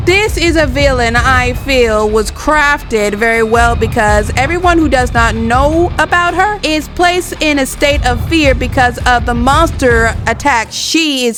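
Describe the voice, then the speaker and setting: Woman, high voice, chatty informal book review, music playing clearly underneath. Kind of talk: casual book review monologue.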